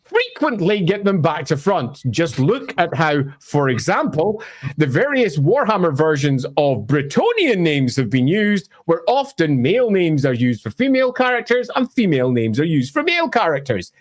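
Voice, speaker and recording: A man's voice: on the high side, sing-song, normal speed. A Scottish man explaining fantasy game lore in an emphatic, wry, opinionated way. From Scotland. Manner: emphatic, wry, bursts into mock voices. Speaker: lore presenter.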